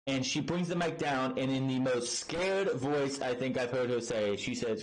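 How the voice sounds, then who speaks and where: A man's voice: medium pitch, moderate pace, few pauses, poor audio. A man casually recapping and reviewing a wrestling show, blunt and rambling, swearing freely and restarting his sentences often.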